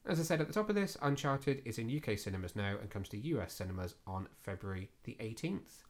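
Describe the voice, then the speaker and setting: A man's voice: fairly low pitch, sing-song, quick pace. A man hosting a casual podcast, reviewing a film in a chatty, self-deprecating way with plenty of fillers. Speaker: podcast host.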